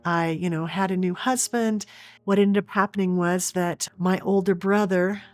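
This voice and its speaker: A woman's voice: fairly low pitch, fairly even intonation, moderate pace, no room sound, faint music behind. A middle-aged woman from Oregon, an interview guest telling a personal story earnestly, with frequent restarts. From Oregon, USA.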